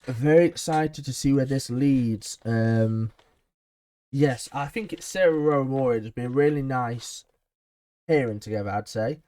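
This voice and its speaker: Mellow-voiced man giving an enthusiastic recap. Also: mid-range voice, a little slow. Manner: chatty, enthusiastic, frequent ums. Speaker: wrestling show reviewer. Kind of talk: casual episode recap.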